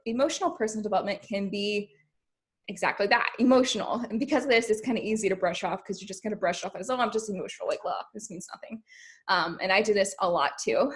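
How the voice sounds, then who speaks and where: A young woman runs a casual group coaching session, her voice sitting in a middle pitch. She talks in a chatty, loose way, dropping "like" and "um" as she goes. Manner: chatty, fills speech with "like" and "um". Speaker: personal development coach.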